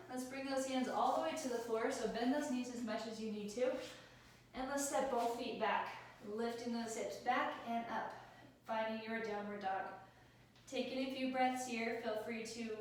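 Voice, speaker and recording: A woman leads a yoga class with calm, encouraging cues for each breath and movement. Her voice is fairly high and sits back from the mic. The room is very echoey, with a faint hiss underneath. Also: recorded from a distance. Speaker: yoga instructor. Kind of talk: guided yoga class instruction.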